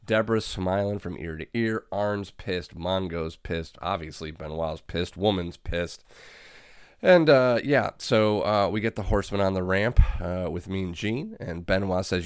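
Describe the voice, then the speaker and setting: A man with a very low voice chats casually, recounting events in a relaxed way. The sound is dry and close, with no room around him. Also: unhurried, smooth, dry recording. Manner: laid-back recapping, laughs often. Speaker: podcast co-host. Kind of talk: casual chat.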